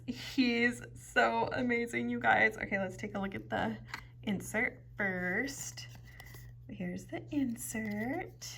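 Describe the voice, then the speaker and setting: A woman's voice: mid-range voice, creaky, bright, forceful tone, a little hiss or hum. A woman showing off jewelry beads in a casual vlog, chatty and gushing, often dropping to a whisper. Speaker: jewelry bead reviewer. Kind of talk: casual show-and-tell vlog.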